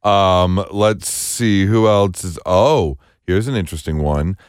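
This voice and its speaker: Deep-voiced man in casual podcast chat. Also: takes it slowly, clear, resonant tone, no echo, studio quality. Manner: animated, sharing trivia with playful disbelief. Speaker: podcast co-host.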